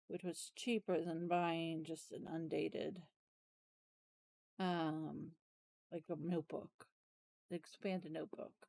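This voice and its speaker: A planner vlogger with a lowish, slightly mellow voice chats casually while walking through her planner, with no echo in the recording. Tired and yawning, she rambles, trails off, and corrects herself.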